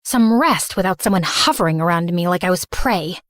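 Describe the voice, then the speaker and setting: A young woman narrating an animated story in first person, earnest and emotional. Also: lowish voice, fairly quick, no echo, clean studio sound.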